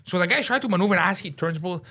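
A man's voice: sits high, expressive, rapid-fire, pushed and bright. A young man telling stories in a casual podcast chat. He talks animatedly and says "bro" constantly. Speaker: podcast co-host.

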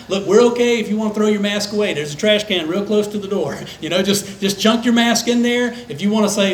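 An older man, a pastor, preaching a conversational sermon that dips into soft, low tones for emphasis. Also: fast, few pauses, reverberant, slight background noise, rough recording. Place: church sanctuary.

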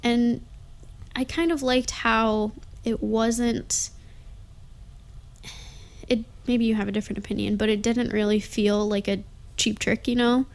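A woman's voice: on the high side, little pitch movement, measured pace, long pauses. A woman in a casual chat about a movie she chose, hesitant, hedging with fillers. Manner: hesitant, lots of fillers, mildly defensive. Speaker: co-host discussing a movie.

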